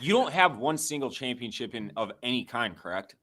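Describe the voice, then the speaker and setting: A man's voice: mid-range voice, expressive, brisk, bright, forceful tone. A man in a casual podcast chat, telling a story bluntly and crudely.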